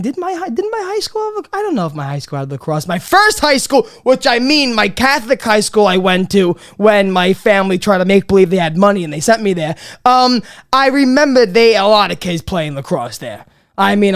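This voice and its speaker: A comedy podcast host, ranting in a profane, rambling way that swings between loud bits and muttered asides. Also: medium pitch. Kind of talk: comedic rant.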